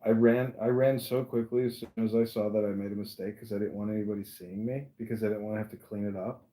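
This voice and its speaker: A man hosting a podcast, telling a story in a casual, animated way and acting out the voices. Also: on the low side, fast talker. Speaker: podcast host. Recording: roomy echo.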